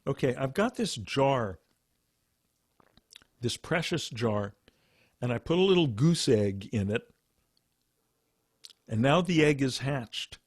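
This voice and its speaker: A man's voice: medium pitch, expressive, slow, pauses often, dry recording, clean studio sound. A man voicing a fussy, worried government official asking a master for help. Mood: fretful.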